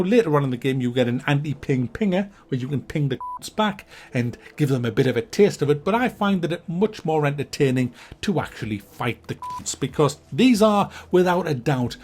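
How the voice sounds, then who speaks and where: A man's voice: mid-range voice, darkish tone. A man in his forties giving a mock-serious, sarcastic and sweary game review.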